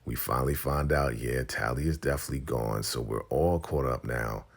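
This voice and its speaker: Very deep, gravelly man recapping a show. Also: moderate pace, hardly any pauses. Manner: animated storytelling, acting out scenes. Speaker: TV recap vlogger. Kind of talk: casual TV episode recap.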